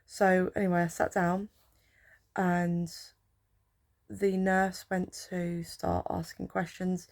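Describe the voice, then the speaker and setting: Young woman, low-ish gravelly voice, chatty rambling storytelling, drowsy from painkillers. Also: flat delivery, takes it slowly. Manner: chatty, rambling, with filler words. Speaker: healthcare support worker. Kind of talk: casual storytelling vlog.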